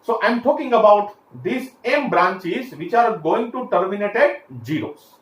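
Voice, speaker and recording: Male lecturer, a touch higher voice, talks through steps with fillers; roomy recording with light hiss. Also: expressive, measured pace. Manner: explains step by step with frequent fillers and restarts. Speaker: engineering lecturer. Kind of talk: classroom lecture. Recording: echoey room, faint background hiss.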